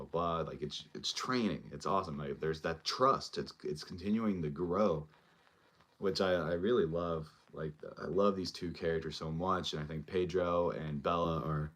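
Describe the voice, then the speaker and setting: Man, very low voice, casual show host, rambling TV recap, lots of "um" and "like". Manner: rambling, filler-heavy, loosely retells scenes. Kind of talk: casual episode recap and review.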